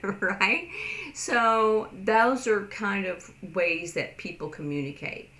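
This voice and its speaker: A woman giving a casual sign language lesson, rambling with lots of fillers and acting out quoted lines in a higher voice. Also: slow, sharp tone, echoey room.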